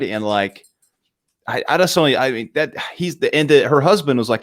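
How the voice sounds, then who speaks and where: Excitable man with a lively, bouncing voice. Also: mid-range voice, moderate pace. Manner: excitable, laughing, profane. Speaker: podcast co-host. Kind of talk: casual film discussion.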